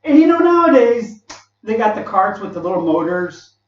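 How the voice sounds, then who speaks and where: A man's voice: sits high, big pitch swings, normal speed. Rambling man laughing through his stories. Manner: laughs often while talking, acts out quoted people. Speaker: vlogger telling work stories. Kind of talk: rambling casual storytelling. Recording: echoey, dull, from far off the mic.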